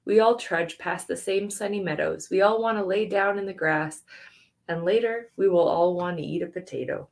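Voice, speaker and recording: A woman's voice: fairly low pitch, normal speed, creaky. A woman reading her own story aloud at a live event, earnest and conversational, with laughing asides.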